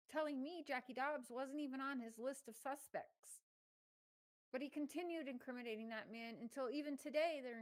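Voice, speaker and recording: Brief: fairly high-voiced woman, indignant commentator reading texts, swears freely. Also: low-quality recording. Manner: indignant, swearing, reads messages aloud. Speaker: true crime commentator.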